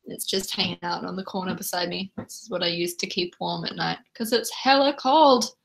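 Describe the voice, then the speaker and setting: A young Australian woman with an Australian accent livestreams from a room at home, chatting casually with viewers as she reads and answers the chat. Her voice is on the low side with vocal fry, at a moderate pace.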